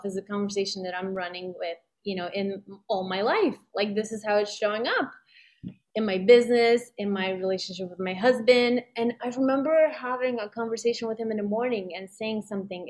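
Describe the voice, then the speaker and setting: Woman, middle-aged, casual conversation, rambling, reflective, many fillers, mid pitch. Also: fairly quick, darkish tone. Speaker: guest sharing a personal story.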